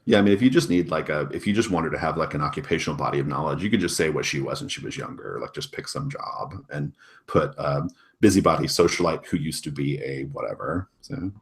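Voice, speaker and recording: A man with a low voice acts as game master in a casual tabletop session. He talks loosely, full of fillers, and laughs often. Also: quick pace, gravelly.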